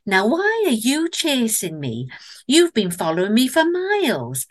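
A woman voicing a big, gentle, chatty female bear with a Northern English accent and a soft, mildly scolding manner. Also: a little high, wildly swooping pitch, measured pace, voice pushed up, exaggerated voice.

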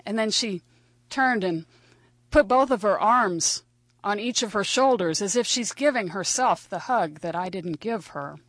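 A woman's voice: mid-range voice, lively intonation, unhurried, a bit bright, dry recording. A woman telling a first-person story in a wry, conversational and vivid way.

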